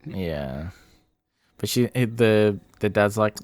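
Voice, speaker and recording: Slow, deep-voiced man with many fillers. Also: no room sound. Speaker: podcast co-host. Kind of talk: casual film review chat.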